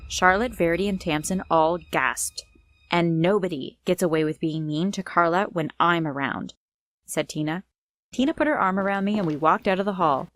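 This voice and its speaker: Young woman narrating, slightly low voice. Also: moderate pace, a bit bright, no room sound. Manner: dramatic first-person retelling. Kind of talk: storytime narration. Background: faint music.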